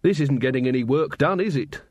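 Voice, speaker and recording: A man's voice: mid-range voice, animated, a little fast, darkish tone, slightly rough, dry recording. A man voicing a kindly, simple young male guard, friendly and absent-minded, recorded dry and close.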